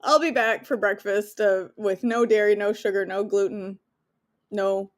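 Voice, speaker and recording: A woman's voice: medium pitch, steady tone, measured pace. A woman hosting a live devotional stream, chatting with viewers and leading a spoken prayer. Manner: chatty, answers viewers' comments by name, laughs easily.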